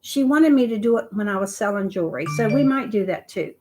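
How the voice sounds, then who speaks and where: A woman's voice: medium pitch, lively intonation, quick pace, warm tone, slight background noise, rough recording. An older woman chatting casually on a phone livestream, talking with lots of "you know" fillers and repeating herself. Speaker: livestream host.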